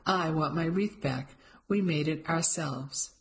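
Fussy elderly lady, narrator puts her on, prim and bright, storybook reading. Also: mid-range voice, slow, natural voice. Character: fussy, prim elderly woman, cheery and stubborn. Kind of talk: audiobook character voice.

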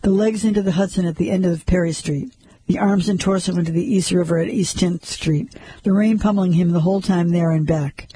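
A male narrator reads a story in a steady, measured voice. His voice is mellow and a little husky, pitched fairly high for a man. The recording is dry and close. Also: no room sound, rough recording. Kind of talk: storybook reading.

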